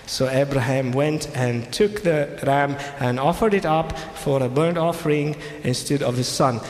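A man's voice: mid-range voice, fairly even intonation, unhurried, darkish tone. A man giving a lecture as a Christian speaker, retelling scripture, repeating his key phrases and speaking English with non-native phrasing. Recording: echoey hall with faint ambience.

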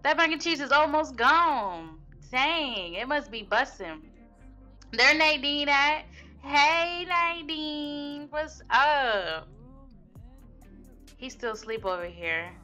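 A woman's voice: sits high, animated, takes it slowly, pushed and bright, dull audio, faint music behind. A young woman casually commenting on her life-sim gameplay, chatty and slangy, laughing at what her characters do. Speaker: Sims let's play host.

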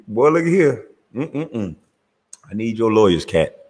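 Hosting his own show in casual, profane talk, a man with a lowish, husky voice and a Southern twang rants loud and animated. He curses freely and breaks into laughter, his voice ringing with a long reverb.

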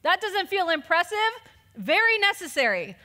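High bright woman preaching, conversational, laughs a lot, church pastor. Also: normal speed, big-room sound. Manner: lively and conversational, laughing often. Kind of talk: sermon.

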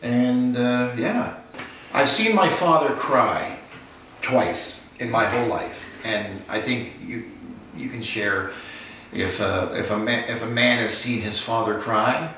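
A man's voice: mid-range voice, pushed and bright. Older man recalling his father, roomy sound. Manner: unhurried, halting storytelling with repeated restarts. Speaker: son of a war veteran, interviewee. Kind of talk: personal recollection, storytelling. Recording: very roomy, distant mic, faint hiss.

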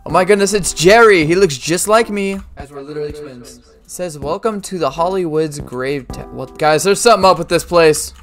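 A man giving excited commentary while playing a game, talking straight to his viewers. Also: on the high side, brisk. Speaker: gaming YouTuber. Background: game music.

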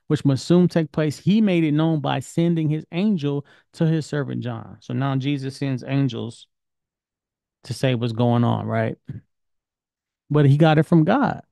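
A man's voice: mid-range voice, a little slow, gravelly, dark tone, dry recording. A man teaching an informal Bible study lesson, talking in a conversational, questioning way. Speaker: Torah teacher.

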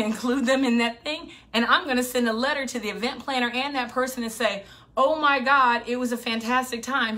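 A middle-aged woman business coach giving an animated, emphatic motivational talk, hammering her points with repetition. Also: on the high side. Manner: emphatic, animated, repeats for punch.

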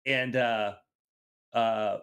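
A man's voice: fairly low pitch, steady tone, extremely slow, fairly bright tone, smooth. A man co-hosting a podcast, telling a playful story in casual chat with many fillers. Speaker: podcast co-host.

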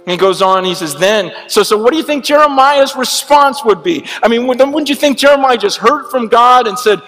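A man's voice: very high voice, animated, a little fast, a bit bright. A man preaching a sermon, earnest and asking the listener direct questions. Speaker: pastor. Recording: sermon with reverb and music bed.

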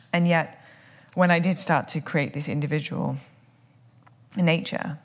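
A woman co-hosts a casual, reflective podcast chat while she has hiccups. Her voice sits low, with a gravelly edge and a husky grain. She talks in a thoughtful, searching way and often restarts her sentences.

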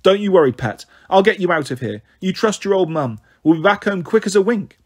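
A man reading a story aloud, voicing a flighty, chatty young mother with a breezy, cheeky manner and a husky voice. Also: high voice, lively intonation, fairly quick, voice pushed up.

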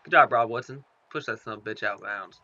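Young man, gameplay commentary, bright sharp tone on a dull lo-fi headset mic; excitable, curses at the screen. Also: lowish voice, fast, no room sound. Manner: excitable, swearing, talks to the screen. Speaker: gaming commentator.

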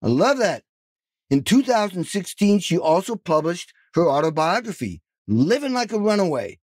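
A man's voice: sits high, big pitch swings, normal speed, a little mellow, no echo. A man in his sixties hosting a podcast, enthusiastic and effusive as he introduces and questions his guest. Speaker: podcast host. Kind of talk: interview hosting.

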